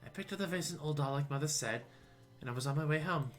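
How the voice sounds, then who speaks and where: A man's voice: on the high side, fast talker, a bit bright, soft background music, natural voice. A man voicing a timid, frightened young servant girl who speaks hesitantly.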